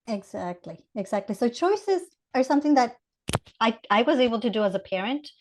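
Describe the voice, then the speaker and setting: A high-pitched woman with an Ecuadorian Spanish accent, speaking as a guest educator. She explains things animatedly and acts out little scenes to make her point. Her talk is conversational and lively. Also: brisk, a little hiss or hum. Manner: animated, explains with acted examples. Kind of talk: conversational podcast interview.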